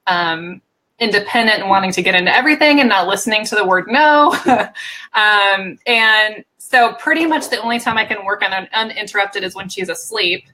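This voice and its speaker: A young American woman from Oregon, chatting as a guest on a live stream, relaxed and laughing often with many ums. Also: mid-range voice, moderate pace, low-quality recording. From Oregon, USA. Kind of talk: casual live-stream chat.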